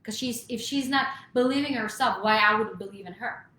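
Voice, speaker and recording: A woman's voice: a little high, brisk, bright, forceful tone, a little hiss or hum. A woman vocal coach giving an emphatic motivational talk to camera, often checking in with "right?". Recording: echoey room.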